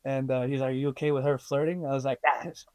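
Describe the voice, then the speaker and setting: A man's voice: medium pitch, rapid-fire, smooth, no echo. A man being interviewed, telling stories in a casual way, full of ums and likes, laughing and acting out what others said. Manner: animated, laughing, acts out quoted voices; many fillers like um and like. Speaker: interview guest, stunt performer and actor. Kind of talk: casual storytelling.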